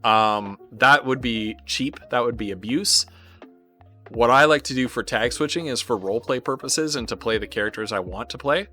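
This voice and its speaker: A man with a Canadian accent giving casual, rambling live commentary as he plays a strategy game, often pausing on filler words. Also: medium pitch, pushed and bright, faint music behind. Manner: rambling, thinking aloud with frequent filler pauses. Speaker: streamer.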